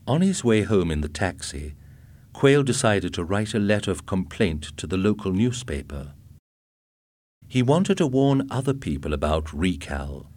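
A man narrating a story in a slow, clear, measured reading style. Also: sits low, darkish tone.

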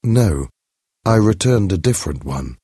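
A man's voice: sits low, big pitch swings, unhurried, warm tone, slightly rough, no room sound, studio quality, full character voice. A man reading a story aloud, voicing a poor, worn-down woman in a slightly raised, earnest voice.

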